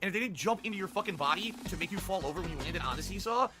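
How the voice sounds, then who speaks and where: Male game streamer, high and swooping, excitable, shouty outbursts, music playing underneath. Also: racing. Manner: excitable, loud exclamations while playing. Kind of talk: live gameplay streaming, reading chat.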